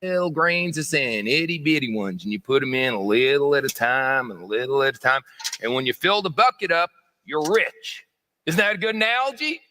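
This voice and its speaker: A man doing a folksy old gold prospector who drawls out his pitch slowly and patiently. The voice sits a bit high and sounds bright and forward. He talks like a homespun sales coach. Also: sing-song, big-room sound, full character voice. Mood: coaxing. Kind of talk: comic sales-pitch skit.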